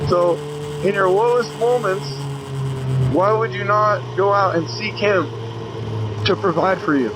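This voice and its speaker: Brief: earnest man vlogging about faith, slightly high voice, car noise underneath. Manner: earnest, halting with restarts. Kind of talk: casual faith vlog.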